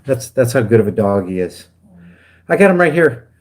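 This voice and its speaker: A man's voice: mid-range voice, sing-song, moderate pace, a little mellow. A man talking casually on a livestream, rambling and getting heated. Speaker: guest livestreamer.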